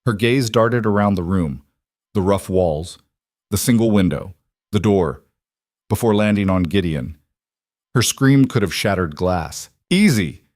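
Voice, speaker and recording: Low-voiced man narrating a brooding western. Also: lively intonation, measured pace, pauses often, a little mellow, no room sound, studio quality. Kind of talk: dramatic story narration.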